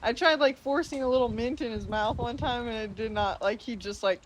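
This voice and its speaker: A woman's voice: fairly high pitch, fairly quick, a little hiss or hum. A young woman, a guest on a casual podcast, chatting and laughing often as she talks. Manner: giggly, laughs often while talking. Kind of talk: casual chat.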